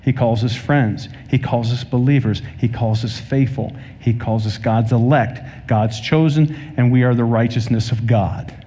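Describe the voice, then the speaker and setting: Male preacher, warm dark tone, big reverberant sanctuary sound, acts out his anecdotes. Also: medium pitch, fairly even intonation, measured pace, hardly any pauses. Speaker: pastor. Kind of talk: sermon. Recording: long hall reverb.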